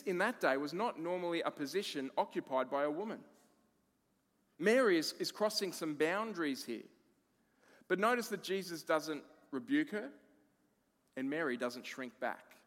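A man preaching a sermon as pastor, expressive, moving between emphatic lines and hushed ones. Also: a little high, big-room sound.

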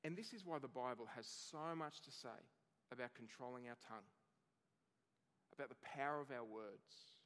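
A man's voice: medium pitch, normal speed, fairly bright tone, clean tone, long reverb tail. A man, perhaps in his thirties, preaching a sermon earnestly and building emphasis through long lists. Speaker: pastor.

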